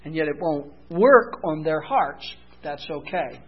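A male pastor preaching a sermon, building to loud emphatic peaks and then dropping soft. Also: a little high, expressive, a little slow, husky, dull audio.

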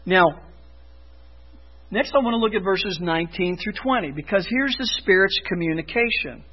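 A man preaching a sermon as pastor, emphatic, rising loud for emphasis and dropping low. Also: animated, moderate pace, dull audio.

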